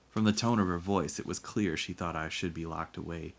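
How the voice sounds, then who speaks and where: A man reading a children's novel aloud, narrating in first person with steady expression. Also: low-pitched, brisk, vocal fry, hardly any pauses, slight background noise. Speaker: reader.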